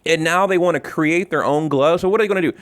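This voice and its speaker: A man rants about boxing in a heated, exasperated way, circling back and swearing as he goes. His voice sits a little high for a man, and the recording is dry and close. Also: fast talker, dry recording. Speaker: boxing commentator. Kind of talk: ranting commentary.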